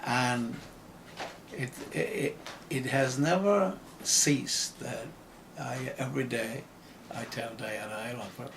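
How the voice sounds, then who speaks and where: Against a noisy background, an older man from Ireland, a writer and actor under interview, speaks in an Irish accent at medium pitch with vocal fry. His reflections come slowly and hesitantly, with many restarted phrases.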